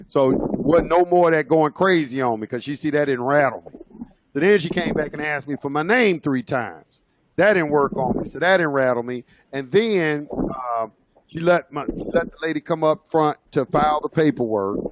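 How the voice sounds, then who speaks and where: A man's voice: on the high side, a little fast, highs cut off, noisy background. A man casually telling his own courtroom story, rambling with many fillers and restarts. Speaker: speaker sharing his own experience.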